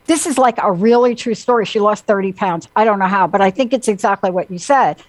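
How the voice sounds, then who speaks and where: A woman hosting a talk show, chatting casually and telling animated stories with acted-out quotes. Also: mid-range voice, fairly quick, dry recording, low-quality recording. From Italian heritage. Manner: animated storytelling, acting out quotes. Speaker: host. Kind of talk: casual chat.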